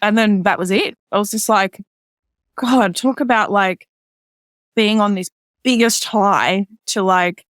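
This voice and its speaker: A woman's voice: a little slow, no room sound, studio quality. Chatty woman with lots of "like". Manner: chatty, many "like" fillers; acts out others' lines in a higher voice. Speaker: podcast guest. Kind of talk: personal storytelling in casual chat.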